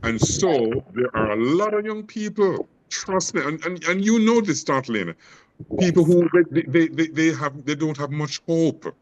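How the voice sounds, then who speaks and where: A man's voice: fairly high pitch, lively intonation, measured pace, muffled recording. Jamaican guy w a bit of canadian accent, fired up poet talking in an interview, keeps tripping on "the, the". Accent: Jamaican mixed with Canadian. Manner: passionate, stumbles into repeated words. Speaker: poet and educator, guest. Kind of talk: interview conversation.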